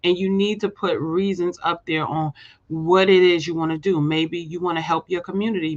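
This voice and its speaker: A woman's voice: lowish voice, muffled recording. A woman hosting a motivational live show, talking emphatically, repeating phrases, asking "right?" and calling her viewers "y'all". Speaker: host of a live show; healthcare staffing agency owner. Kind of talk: motivational live-stream talk.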